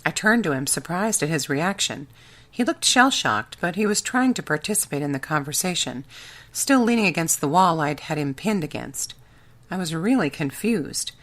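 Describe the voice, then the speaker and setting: A woman's voice: deep voice, animated, normal speed, fairly bright tone. A woman narrating a first-person audiobook with a wry, sarcastic edge.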